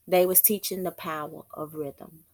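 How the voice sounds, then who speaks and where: A woman giving an informal religious teaching, halting and repeating words as she thinks aloud. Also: deep voice, steady tone, darkish tone. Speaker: prophetess.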